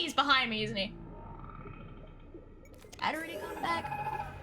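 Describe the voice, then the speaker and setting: Amid a noisy background, a woman with a high-sitting voice whose pitch swoops wildly talks unhurriedly through a live video game stream. Muttering and swearing freely, she keeps humming and singing little nonsense tunes as she plays.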